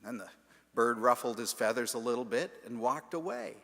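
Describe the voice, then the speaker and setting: A man preaching a sermon as the pastor, telling a story in a deliberate, emphatic way in a large stone church. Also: mid-range voice, sharp tone. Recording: long church reverb.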